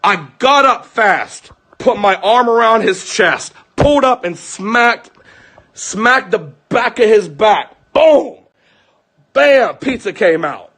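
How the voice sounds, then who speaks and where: A young man with a somewhat high, husky voice rants at his stream audience. He talks in heated, profane bursts, with the rough edge of someone unloading his grievances unscripted. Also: expressive, takes it slowly, bright, forceful tone. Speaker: streamer venting to his viewers. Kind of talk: angry unscripted rant.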